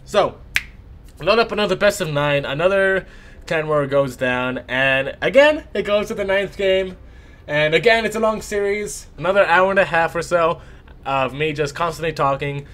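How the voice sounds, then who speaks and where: A young man, an esports shoutcaster with a sore throat, telling a rambling, animated story between matches. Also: a little high, moderate pace. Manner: animated, rambling anecdote with lively voiced asides.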